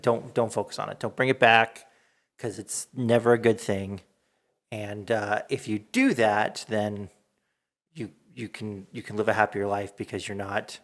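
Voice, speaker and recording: A man hosting a casual podcast chat, talking in a halting way and often restarting his sentences. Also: fairly low pitch. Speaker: podcast host.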